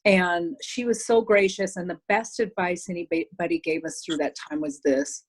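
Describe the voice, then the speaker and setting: Guest speaker, woman, slightly low voice, candid chatty delivery over a video call. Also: normal speed. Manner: candid, chatty, frequent restarts.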